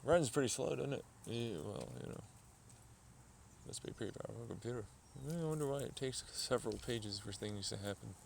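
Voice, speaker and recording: A man's voice: medium pitch, fairly quick, gravelly, a little hiss or hum. A man rambling profanely to himself, talking back to imagined voices in a casual vlog. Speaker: vlogger.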